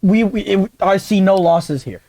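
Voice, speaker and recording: A man with a high voice cracks jokes and riffs his way through a casual podcast chat. He sounds close to the mic, with no room echo at all. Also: a little slow, a little mellow. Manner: jokey, riffing. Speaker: podcast co-host.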